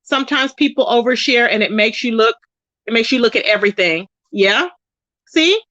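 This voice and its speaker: A high-pitched woman chatting casually with her livestream viewers, reading their comments and answering them. Her voice is dry and close, with a slightly dull, muffled sound. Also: lively intonation, normal speed, bright, forceful tone, no room sound. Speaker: livestream host.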